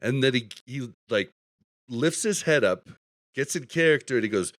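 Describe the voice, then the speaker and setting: This podcast host speaks at a moderate pace in an expressive, mid-range voice. He chats casually, rambling through stories and laughing frequently, and the studio sound is clean without echo.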